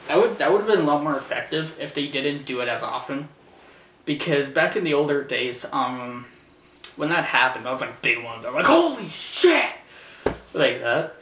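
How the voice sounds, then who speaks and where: Rambling man in a roomy room. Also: medium pitch. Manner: rambling and hesitant, full of fillers and restarts; bursts into loud shouted impressions while retelling action. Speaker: show host reviewing a wrestling event. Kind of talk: casual spoken review. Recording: roomy, distant from the mic, faint noise.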